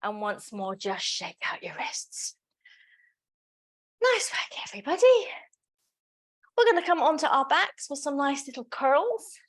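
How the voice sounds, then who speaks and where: A woman's voice: high voice, very animated, normal speed, few pauses, a bit bright. A woman instructor leading a pilates class. She calls out breathing and movement cues and counts reps aloud. She drops in playful, chatty asides between the cues. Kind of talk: live exercise class instruction.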